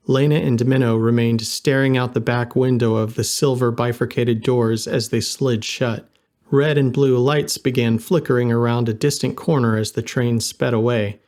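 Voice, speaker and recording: Man narrating an audiobook, measured. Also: medium pitch, fairly even intonation, a little mellow.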